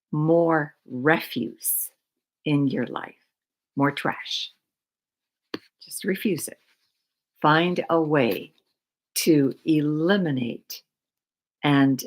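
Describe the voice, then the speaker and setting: A middle-aged woman giving a slow, reflective talk on mindful living, repeating words with long pauses. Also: low-pitched, darkish tone, poor audio.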